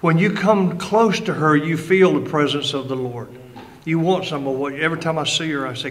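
A man's voice: on the high side, normal speed, a bit bright, low-quality recording. Older man preaching with fervor. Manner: emphatic storyteller who acts out quoted voices. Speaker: guest speaker and ordained minister. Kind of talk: impassioned preaching to a live audience.

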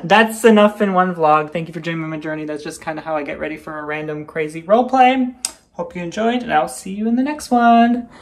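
A man vlogging casually while getting ready, chatty and playful, often dropping into quiet muttered asides. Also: fairly high pitch, fairly quick. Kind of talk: casual get-ready-with-me vlog.

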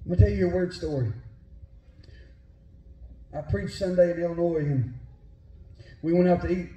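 A high-voiced male pastor with a West Virginia Appalachian drawl, mixing folksy storytelling with fervent preaching. His tone is deep-set and dark despite the high pitch. The sound rings in an echoey church room. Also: moderate pace, muffled recording. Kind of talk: sermon with personal storytelling.

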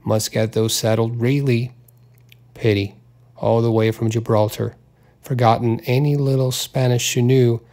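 A man narrating a literary audiobook at a notably slow, deliberate pace. His pitch sits in an ordinary middle register, and he gives the characters small voiced touches without leaving his reading voice. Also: a little mellow.

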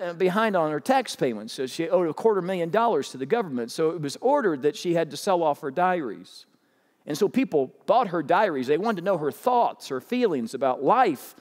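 Male pastor, animated preacher, a touch high-pitched, recorded in a large reverberant church hall. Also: moderate pace. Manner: animated, urging the crowd with rising pitch. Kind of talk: sermon.

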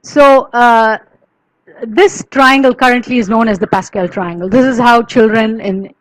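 Woman lecturer, patient explainer with fillers and restarts, mid pitch, dry close sound. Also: dry recording, rough recording. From India. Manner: chants verse rhythmically and counts out syllables. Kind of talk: academic lecture.

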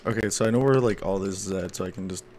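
A man's voice: low-pitched, fast, a little mellow, slight background noise. A young man hosting a let's play from his room, making laid-back, dry remarks while he plays. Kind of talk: casual gameplay commentary.

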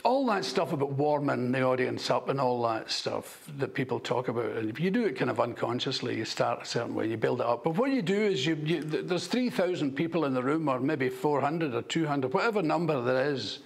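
Gravelly, husky man telling wild stories. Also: mid-range voice, moderate pace. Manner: animated storytelling, swears, acts out shouts. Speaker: stand-up comedian. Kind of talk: anecdote in a documentary interview.

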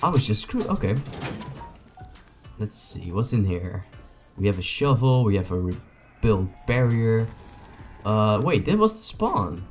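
A young man with a fairly low voice, a native Dutch speaker, talks through a video game session. He jokes, rambles and addresses his viewers while game music plays faintly behind him and gunfire pops now and then. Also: very animated, measured pace, pauses often. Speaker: gaming YouTuber. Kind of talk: casual gameplay commentary.

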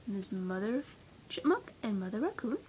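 A woman reading a children's picture book aloud, adding soft, chatty asides about the pictures. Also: medium pitch, big pitch swings, moderate pace, a little hiss or hum. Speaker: storybook reader.

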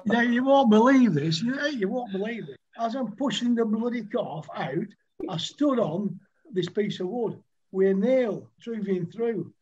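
A man's voice: sits high, lively intonation, a little slow, a little mellow, lo-fi sound. Older man telling rambling anecdotes. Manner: rambling anecdotes, laughs often. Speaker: guest, former cricketer. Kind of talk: casual storytelling.

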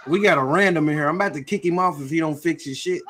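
A man hosting a live stream, teasing a guest with loud, profane banter. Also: fairly high pitch, quick pace, a loud crowd. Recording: noisy stream audio.

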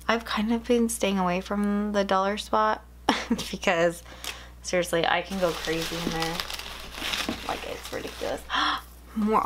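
Gushing young woman with a slow drawl. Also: mid-range voice, a little hiss or hum, low-quality recording. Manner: gushing, excitable, frequent gasps. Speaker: planner vlogger. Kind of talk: casual unboxing chat. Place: home room.

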